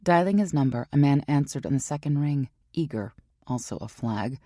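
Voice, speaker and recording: A woman narrating a first-person romance audiobook in a measured, introspective way on a close studio mic. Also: rumbling low, lively intonation, dark tone, dry recording.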